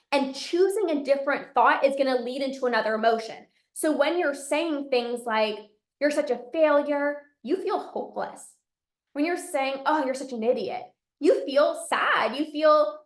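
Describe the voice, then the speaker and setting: Woman, eating coach, motivational live talk, high pitched, emphatic, repetitive, echoey room. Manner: emphatic, repeats key phrases, coaching directly.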